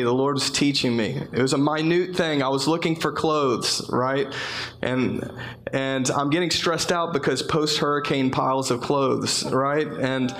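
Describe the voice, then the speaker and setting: A man's voice: medium pitch, vocal fry, a bit bright. A male pastor giving an earnest, conversational sermon, repeating phrases and restarting sentences as he talks.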